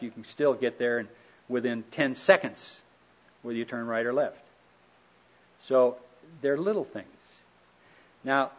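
A middle-aged man giving a relaxed, folksy talk on marriage, telling stories with gentle humor. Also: medium pitch, husky. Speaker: speaker on marriage. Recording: dull lo-fi recording.

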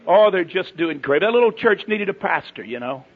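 Folksy preacher, husky voice. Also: male voice, sits high, big pitch swings, moderate pace. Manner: folksy storytelling, swings from loud to hushed. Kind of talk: sermon to pastors. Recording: dull lo-fi sermon tape.

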